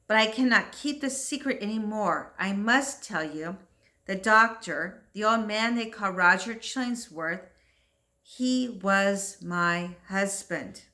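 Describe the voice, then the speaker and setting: A woman's voice: medium pitch, slow pace, bright, forceful tone. A woman reading aloud the lines of a remorseful young woman from an old New England story, in an earnest, pleading way.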